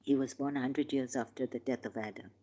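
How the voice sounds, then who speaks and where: Woman, low voice, mellow tone, impassioned scripture commentary, slow hesitant reading. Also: steady tone. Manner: impassioned, reads verses slowly with hesitations. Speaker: religious commentator.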